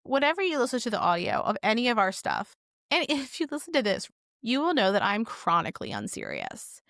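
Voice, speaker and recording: A woman's voice: on the high side, huge pitch swings, fairly quick, a bit bright, dry recording, clean studio sound. A woman co-hosting a casual podcast, telling stories with lots of swearing and acted-out quotes. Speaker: podcast co-host.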